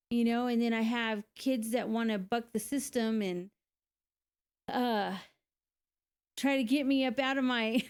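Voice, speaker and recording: A woman's voice: a little high, darkish tone. A woman, a single mother, telling her own story in a candid, conversational way, with frequent laughs and fillers. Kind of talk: casual personal testimony.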